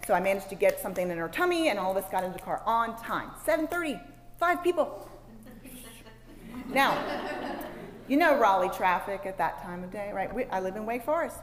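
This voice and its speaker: A woman, speaking to a women's gathering and telling a personal sermon story in an expressive way that moves from hushed asides to loud exclaims. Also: mid-range voice. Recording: long hall reverb, faint background noise.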